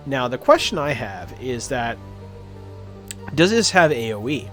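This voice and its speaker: A man's voice: mid-range voice, very animated, a little slow, a bit bright, faint music behind. Male streamer with a mid-range voice, rambling, filler-heavy live commentary over a game. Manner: rambling, lots of uhs and ums. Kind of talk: casual live-stream commentary, reading game text aloud.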